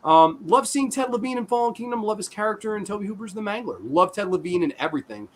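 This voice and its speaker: Animated high-voiced man reviewing movies. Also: quick pace, slight background noise. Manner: animated, swearing, voices his own reactions. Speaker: podcast host. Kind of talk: casual movie review chat.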